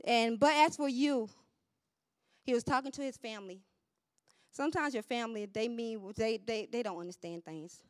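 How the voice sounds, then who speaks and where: Fervent high-voiced woman preacher. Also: moderate pace, dry recording, clean studio sound. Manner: fervent, call-and-response preaching with swings from shouts to near-murmurs. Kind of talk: sermon.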